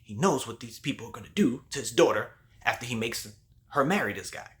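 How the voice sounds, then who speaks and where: Male host, casual slangy movie-review recap, mid pitch. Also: lively intonation, fairly quick. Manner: slangy, loose storytelling with lots of "like".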